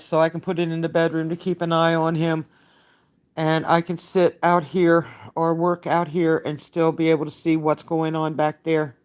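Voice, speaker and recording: An older woman giving a halting, emotionally worn-out live update, greeting her viewers by name and using many fillers. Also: low voice, a little mellow, smooth. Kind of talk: live-stream chat update.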